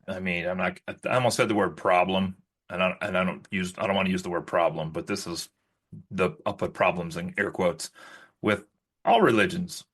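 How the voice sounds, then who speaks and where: A man's voice: fairly even intonation, normal speed, a bit bright, slightly rough. A man co-hosting a podcast in casual chat, rambling with lots of likes and restarts. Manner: rises high when mimicking others. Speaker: podcast co-host.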